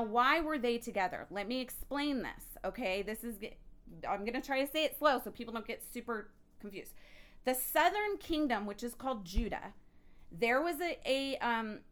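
A woman teaching a Bible study in a chatty, animated way, reading scripture and adding her own asides. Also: fairly high pitch.

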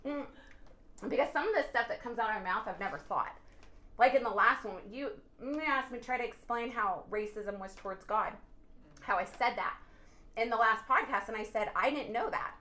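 A woman on a podcast sharing an animated faith testimony, earnest and preachy, often bursting into laughter and exclamations. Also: fairly high pitch, a little fast. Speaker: podcast guest. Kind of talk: excited faith testimony chat.

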